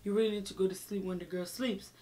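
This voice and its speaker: A woman's voice: medium pitch, fairly even intonation, fast, dark tone, natural voice. A woman voicing a strict female employer who scolds about bedtime in a firm tone. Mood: stern.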